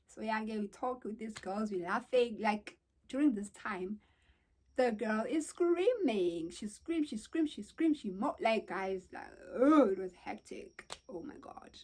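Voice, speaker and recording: A young woman from South Africa with a South African accent, telling a story to her channel in casual, animated, exclamatory chat. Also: mid-range voice, unhurried. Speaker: vlogger.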